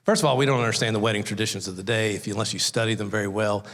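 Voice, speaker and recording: In a church sanctuary with long hall reverb, a guest preacher races through a conversational sermon in a fairly low, fairly bright voice. He spins folksy stories and acts out small voices in his anecdotes.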